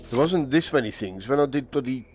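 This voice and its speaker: A man's voice: medium pitch, animated, fairly quick. A man commentating while playing a VR shooter, muttering and swearing at the enemies on a headset mic. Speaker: VR gamer streamer. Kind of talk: gameplay commentary. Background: game music.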